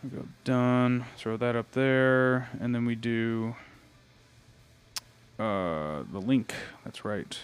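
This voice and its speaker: A young man streams live, speaking in a medium-pitched, steady, smooth voice at a slow pace. He greets viewers casually and thinks aloud while posting online, with faint metal music in the background.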